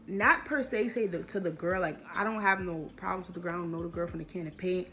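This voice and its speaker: A woman's voice: mid-range voice, normal speed, sharp tone, soft background music. A young woman vlogger telling a personal storytime in emphatic slang, repeating her points for effect. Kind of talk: storytime vlog.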